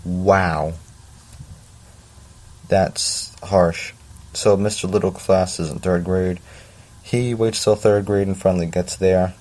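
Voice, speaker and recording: Man, casual story reading, lowish voice, chatty asides, stumbles. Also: steady tone, slow, pauses often, a little mellow. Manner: chatty, self-mocking asides, stumbles and restarts. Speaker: story reader.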